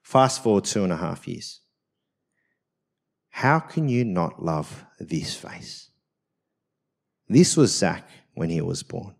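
Lively pastor telling a story. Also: male voice, low voice, slow pace, vocal fry, long pauses. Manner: conversational, frequent "right?" tag questions, self-mocking. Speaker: senior pastor. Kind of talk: personal sermon storytelling. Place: church service.

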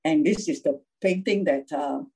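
A woman's voice: low-pitched, moderate pace, mellow, breathy edge, poor audio. A woman preaching an informal sermon, chatty, laughing often and checking in with the listeners as she goes.

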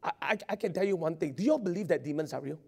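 A male pastor, preaching a sermon in an excitable way, repeating words and laughing often. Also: on the high side, racing, gravelly, husky. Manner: excitable, stammering repetitions, frequent laughter.

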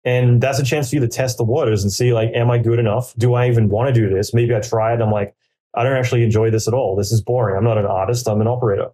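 A man talks casually in a podcast interview, his voice dark and mellow. He rambles through his advice with plenty of fillers and slips into quoted inner dialogue as he goes. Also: mid-range voice, steady tone, fast, husky. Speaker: podcaster giving career advice.

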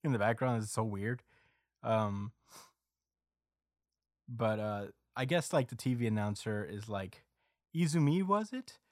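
A man's voice: fairly low pitch, fairly even intonation, unhurried, long pauses, dry recording, clean studio sound. A man on a podcast recapping a story chapter in casual chat, rambling with lots of fillers. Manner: rambling recap with many fillers, acting out quotes.

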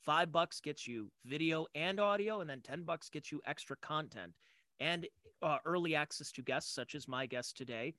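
A man's voice: a little high, normal speed, bright, forceful tone, no room sound. A man hosting a casual podcast interview, eager and rambling as he sets up questions. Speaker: podcast host.

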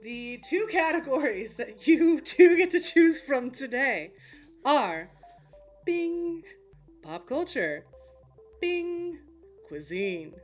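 A woman's voice: high-pitched, animated, slow pace, faint music behind. A woman co-hosting a podcast, playfully running a mock game show and laughing often. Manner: giggly, playful. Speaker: podcast co-host, quiz host.

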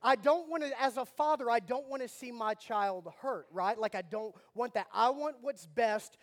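A man, preaching a sermon with animated storytelling and mock outrage, moving from soft prayer to loud bursts. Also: very high-pitched, moderate pace. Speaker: pastor.

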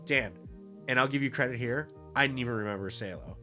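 A man's voice: medium pitch, quick pace, sharp tone, soft background music. A young man co-hosting a podcast, ranting in mock outrage and swearing through casual, tipsy banter. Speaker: podcast co-host.

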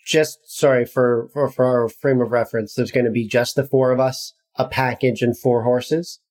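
A man's voice: mid-range voice, steady tone, normal speed, a little mellow. A man playing in a casual tabletop game session, easygoing and joking with friends. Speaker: player.

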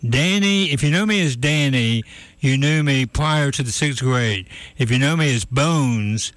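A man's voice: mid-range voice, unhurried, a bit bright, no room sound. A man hosting a call-in radio show, chatting casually with callers and telling stories with frequent laughter. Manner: chatty storyteller, laughs often.

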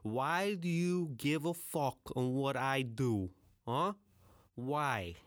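A man's voice: medium pitch, slow, no echo, studio quality, voice pushed up, close to an everyday voice. A man putting on the voice of a hot-tempered Italian-American tough guy who curses and threatens. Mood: menacing. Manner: profane, menacing, pushy.

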